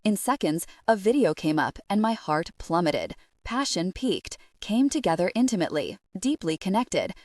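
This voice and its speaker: A young woman narrating a first-person romance audiobook in an expressive, emotional way. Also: mid-range voice, moderate pace, no room sound, clean studio sound.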